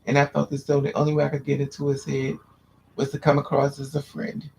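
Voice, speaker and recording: A man chatting casually, telling childhood stories in an animated way and acting out the voices of people he quotes. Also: on the high side, fast, creaky, a little hiss or hum. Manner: animated storyteller, squeals and acts out quotes. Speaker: podcast host. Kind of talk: casual chat.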